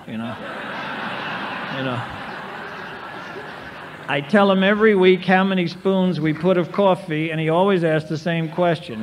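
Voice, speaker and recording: Unhurried and given to long pauses, a fairly high-pitched man in his sixties shares wry, self-deprecating stories as a recovery meeting speaker. The tape, from a large convention hall in the 1990s, is echoey with faint hiss.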